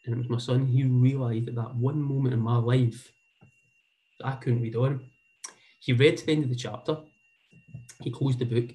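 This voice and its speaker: A man's voice: mid-range voice, steady tone, moderate pace, long pauses, mellow, poor audio. A Scottish man in his forties telling a heartfelt personal story in a rambling, earnest way, often repeating words. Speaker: speaker sharing a personal story.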